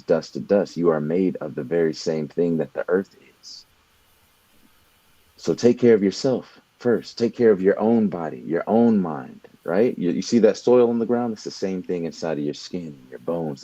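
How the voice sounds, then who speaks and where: A young man talks in an earnest, motivational way, often doubling back on his words as he builds toward a point. His voice sits very low and mellow. The recording is dry and a little dull, with no room sound. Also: dry recording. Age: young adult. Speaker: podcast co-host. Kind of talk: motivational talk.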